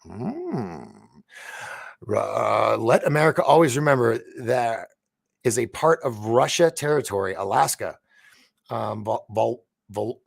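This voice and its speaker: Gravelly man reading news on a live stream. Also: mid-range voice, lively intonation, dry recording. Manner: reads news aloud haltingly, stumbles on names, chats with viewers. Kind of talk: casual live-stream commentary.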